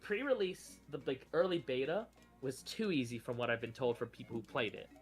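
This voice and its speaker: A man's voice: mid-range voice, big pitch swings, fairly quick, faint music behind. A man chatting casually as a streamer, rambling and correcting himself, with frequent laughs. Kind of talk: casual chat.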